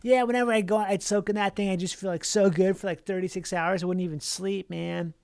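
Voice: medium pitch, steady tone, a little fast, a little mellow, smooth, no echo, lightly acted. A podcaster voicing a laid-back male townie drifter who soaks in hot springs, with an easygoing drawl. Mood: mellow. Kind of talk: casual impression in a podcast chat.

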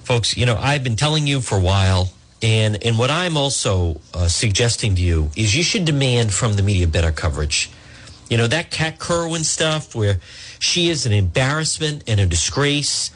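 A man's voice: mid-range voice, lively intonation, normal speed, fairly bright tone. A man hosting a talk radio show, ranting indignantly at his listeners. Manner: indignant, ranting, reads live ads.

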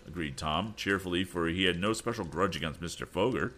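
A man reading an adventure story aloud as narrator in a measured storytelling manner. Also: low-pitched, animated, fairly bright tone. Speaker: audiobook narrator. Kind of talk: scripted narration.

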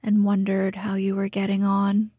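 A woman's voice: medium pitch, monotone, normal speed, mellow, breathy edge, no echo, clean studio sound, lightly acted. A woman voicing a selfish, self-satisfied miller who lectures, in whispered role-play. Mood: smug.

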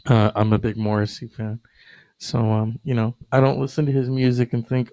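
A man's voice: mid-range voice, level tone, fairly quick, dark tone, no room sound, low-quality recording. A man hosting a casual online show, rambling with many fillers and wry asides.

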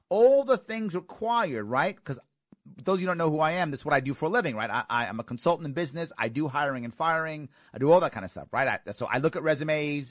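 Casting: man, host, answering listener questions solo, lively up-and-down delivery, dry close mic. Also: fairly high pitch, dry recording. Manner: animated, giggles, quick asides and restarts. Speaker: podcast host.

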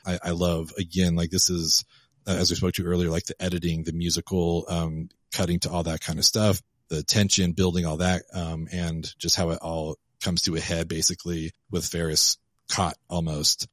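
A man with a very low voice talks casually as a podcast guest. He rambles, leaning on filler words as he retells a scene. The sound is dry and close. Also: little pitch movement, moderate pace, fairly bright tone, dry recording. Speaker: guest co-host. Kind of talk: casual podcast film discussion.

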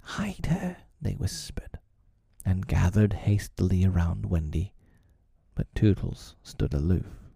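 Man narrator, whispered role-play storybook, slow and husky, dry close sound. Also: deep voice, no room sound. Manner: slow, hushed reading.

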